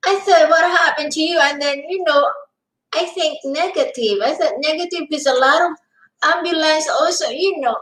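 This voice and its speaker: High-pitched woman with a thick accent. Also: normal speed, a bit bright, reverberant, rough recording. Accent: non-native English. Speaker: co-host, spouse. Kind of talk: casual chat.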